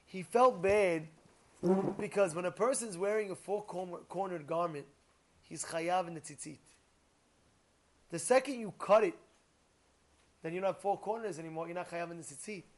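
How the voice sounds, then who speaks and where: A man giving an animated sermon, telling stories and rising to near-shouts. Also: high-pitched, normal speed, long pauses. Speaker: rabbi teaching Torah.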